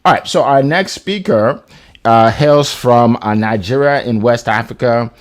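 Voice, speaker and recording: A man's voice: mid-range voice, measured pace. A man hosting an online panel on a video call, talking casually with many fillers and restarts. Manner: animated, filler-heavy, restarts. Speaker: host.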